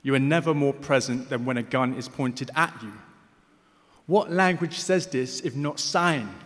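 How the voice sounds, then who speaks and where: Deaf man, spoken word poet, slightly slurred speech, rhythmic recitation, medium pitch, long hall reverb. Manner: rhythmic recitation with soft, hesitant asides. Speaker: poet performing. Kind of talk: spoken word poetry performance. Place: large hall on stage.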